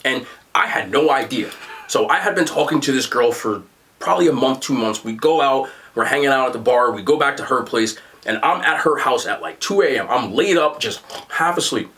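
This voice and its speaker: A young man with a New Jersey accent, telling stories in casual chat as a podcast host. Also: moderate pace. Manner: animated storyteller, excited jumps in pitch.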